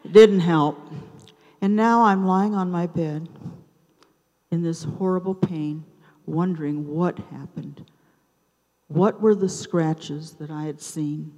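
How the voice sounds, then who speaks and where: A woman in her seventies telling a personal story at an open mic night in a theater, taking her time with dramatic pauses between short phrases. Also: fairly low pitch, fairly even intonation, a little mellow. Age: 70s. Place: theater stage. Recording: reverberant live theater sound.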